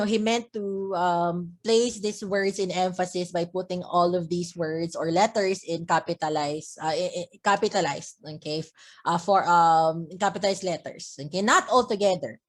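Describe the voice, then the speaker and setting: A woman teacher talking through a poem in class, often checking in with "okay?" and repeating herself as she explains. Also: mid-range voice. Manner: checks understanding with frequent "okay?"; restarts and repeats words while explaining. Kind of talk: literature lesson explaining a poem.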